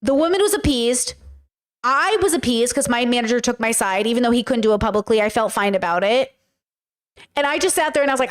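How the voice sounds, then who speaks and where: A woman's voice: a little high, expressive, brisk. A woman streaming casual commentary, talking bluntly and with profanity as she tells stories with animation.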